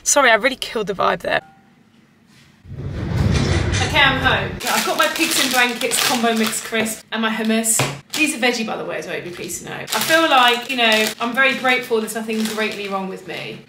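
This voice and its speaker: A woman's voice: fairly high pitch, expressive, brisk, background noise. A woman in her twenties with a British accent, chatting casually to camera in a vlog, rambling and self-deprecating. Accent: British English. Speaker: vlogger.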